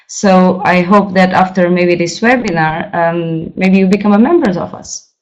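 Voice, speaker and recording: Lowish woman moderator on dull web audio. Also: moderate pace. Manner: polite, hesitant with fillers. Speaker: webinar moderator. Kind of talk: webinar introduction.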